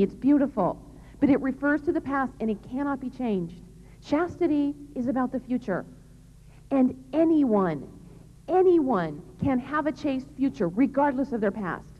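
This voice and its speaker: A slightly high-voiced woman talks about chastity to a young audience in a large hall, her religious message earnest, emphatic and straightforward. The lo-fi recording sounds dull and echoey, carrying a little hiss or hum.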